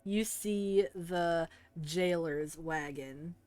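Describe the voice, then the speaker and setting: Slow-talking woman running a tabletop game. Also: fairly low pitch, smooth. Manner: halting, relaxed narration with fillers. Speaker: game master.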